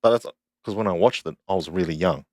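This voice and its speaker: A man's voice: low-pitched, quick pace, darkish tone, dry recording. A man co-hosting a podcast in casual chat, mostly giving short agreeing replies and laughing along. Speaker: podcast co-host.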